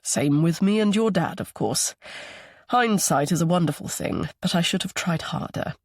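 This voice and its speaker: A man voicing a kind, regretful older grandfather who speaks gently and politely. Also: fairly high pitch, lively intonation, normal speed, no echo, studio quality. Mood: gentle.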